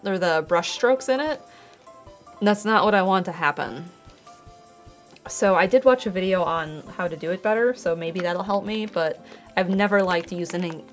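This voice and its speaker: A young woman streaming her art, chatting casually and explaining her painting steps as she works. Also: lowish voice. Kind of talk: casual chat while painting.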